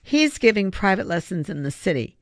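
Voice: medium pitch, big pitch swings, fairly quick, dry recording, clean studio sound, voice pushed up. A reader voicing a sulky boy actor who blames everyone else, in an audiobook. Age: young boy. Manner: sulky, blaming others. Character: self-pitying boy actor, whiny. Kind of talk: audiobook character voice.

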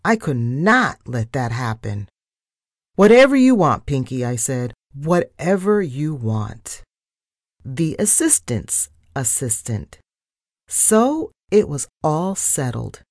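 A woman reading a children's storybook aloud, narrating and giving the characters' lines with lively expression. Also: extremely low pitch, slow, no echo, clean studio sound.

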